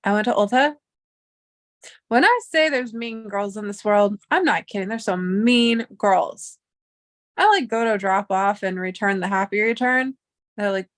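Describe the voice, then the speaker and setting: A woman's voice: medium pitch, moderate pace, fairly bright tone. Young woman venting on her vlog, chatty and fed up, swears a lot. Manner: chatty, exasperated, swears freely. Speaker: vlogger. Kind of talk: casual storytime vlog.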